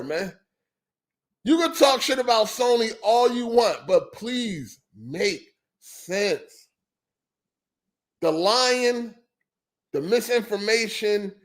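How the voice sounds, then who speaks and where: A man with a high-pitched voice rants on a gaming podcast, exasperated and incredulous. He swears freely, repeats his catchphrases and keeps circling back to the same point. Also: fairly bright tone. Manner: heated, profane and repetitive, full of "you know what I'm saying". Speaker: podcast host. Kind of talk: ranting gaming podcast monologue.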